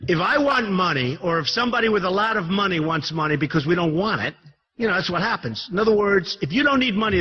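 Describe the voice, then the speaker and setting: A political candidate in his sixties addresses business leaders in a hall with a rambling, boastful campaign speech, repeating himself and throwing asides to the crowd. His voice is high and slightly rough, on a dull lo-fi recording with faint noise.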